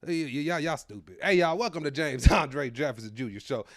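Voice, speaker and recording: A man in his thirties, a comedian hosting his own show, ranting loudly to camera at home into his own microphone. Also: on the high side, a little fast, no echo, clean studio sound. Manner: animated, loud and ranting. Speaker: comedian host.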